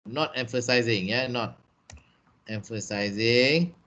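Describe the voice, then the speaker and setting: A man's voice: mid-range voice, bright, forceful tone, muffled recording. A man with a Malaysian English accent teaching a business writing class over a video call, repeating points and checking that students follow. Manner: slow, repetitive, checks understanding with "okay" and "eh". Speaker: trainer.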